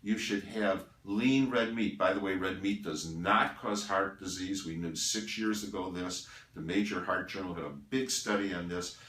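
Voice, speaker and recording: Older man, low voice, emphatic diet talk. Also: fairly even intonation, moderate pace, a bit bright. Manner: emphatic, lists items one by one. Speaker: doctor giving diet advice. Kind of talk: talking to camera about diet. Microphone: handheld camera at a distance. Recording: roomy, from far off the mic.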